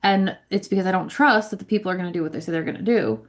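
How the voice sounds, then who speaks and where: A woman's voice: fairly low pitch, very fast. A woman who leads a ministry, giving a casual spiritual teaching talk, chatty and repetitive, often checking in with "right?". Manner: conversational, frequent "right?" and "like", repeats words. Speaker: ministry leader.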